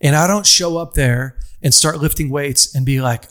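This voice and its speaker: A man's voice: a little high, moderate pace, a bit bright. A young adult man giving a conversational motivational sermon to an audience, stacking phrases into long lists. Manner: conversational, repetitive lists, casual fillers. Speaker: speaker addressing an audience.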